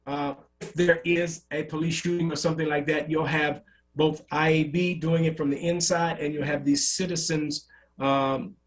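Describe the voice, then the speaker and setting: A man, a pastor, speaking as a guest on a radio show by phone, folksy and emphatic. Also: fairly high pitch. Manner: folksy, emphatic, some restarts. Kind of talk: phone-in interview. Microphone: phone line.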